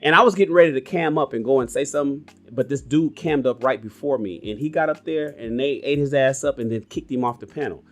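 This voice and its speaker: A man in his forties hosting a casual livestream podcast, telling stories in a blunt, animated and profane way. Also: mid-range voice, fast talker, few pauses, soft background music. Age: 40s. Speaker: podcast host.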